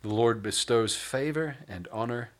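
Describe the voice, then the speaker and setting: A man's voice: medium pitch, measured pace. A male pastor preaching a sermon, mixing scripture with casual asides and humor.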